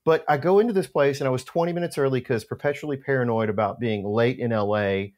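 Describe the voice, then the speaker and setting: A middle-aged man telling an anecdote in casual conversation, animated and full of restarts. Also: medium pitch, quick pace. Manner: animated storyteller, many restarts. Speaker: podcast co-host telling a story.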